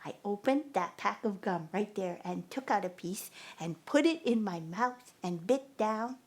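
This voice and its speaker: A woman's voice: medium pitch, animated, unhurried. A woman telling a first-person story at a live performance, narrating expressively and acting out the dialogue. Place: performance venue.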